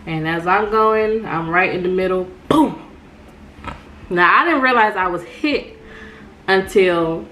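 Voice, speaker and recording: A young woman, telling her viewers a story in an animated storytime vlog and calling them y'all. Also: on the low side, unhurried, a little hiss or hum. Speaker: vlogger.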